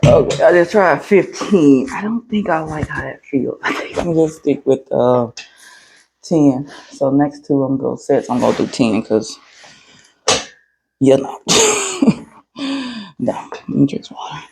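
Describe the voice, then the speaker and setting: An out-of-breath fitness vlogger chatting casually between sets in a gym, with breathy sighs and quick laughs. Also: mid-range voice, sing-song, darkish tone, a little hiss or hum, poor audio.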